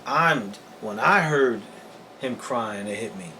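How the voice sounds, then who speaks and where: Soft, halting man with background noise. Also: mid-range voice, animated, low-quality recording. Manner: halting, repeats words, soft-spoken and reflective. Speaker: podcast co-host. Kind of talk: casual chat.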